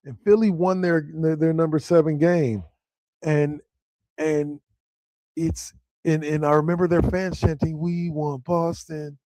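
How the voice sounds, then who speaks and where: Male podcast host, mellow low-bright tone, rambling, excitable sports chatter. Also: unhurried, pauses often, no echo. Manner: animated, rambling, excitable with frequent restarts. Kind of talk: casual sports podcast talk.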